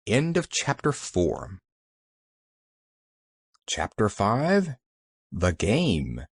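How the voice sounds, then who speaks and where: An audiobook narrator reads with expressive storytelling, the voice mid-pitched and moving lively through each sentence. The sound is dry and close. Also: very slow, slightly rough, dry recording. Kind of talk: scripted narration.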